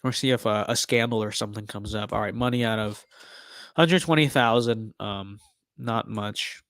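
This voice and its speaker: This young streamer's voice sits on the low side, a bit bright, at a moderate pace, captured in studio quality without any room sound. He delivers laid-back gameplay commentary, leaning on catchphrases and tongue-in-cheek political bluster.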